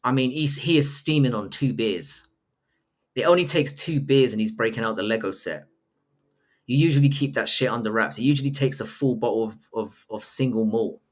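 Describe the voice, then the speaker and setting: A man reads viewers' chat messages aloud on his live stream, trading crude, profane jokes in casual banter. He has a medium pitch and a moderate pace.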